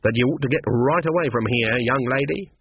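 A man's voice: medium pitch, brisk, husky. A man reading aloud, voicing a commanding old witch with a stern, decisive manner. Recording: tinny phone-like dry sound.

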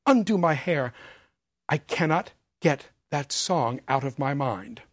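A man reading the lines of a weary, sorrowful young heroine in a quiet, tired monotone. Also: on the high side, slow, no room sound, studio quality, heavily acted.

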